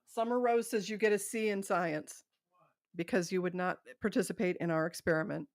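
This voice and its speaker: A woman's voice: on the low side, moderate pace, no echo. A middle-aged woman hosting a live stream, chatting casually and rambling, laughing often. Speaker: livestream host.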